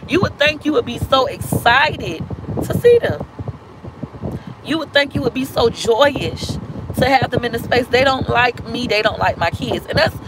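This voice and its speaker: A woman's voice: a little high, noisy background. A woman vlogger telling a painful family story on a live stream, blunt and emotional, with casual slang and cursing. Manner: talks fast in bursts, slows down on hurtful points.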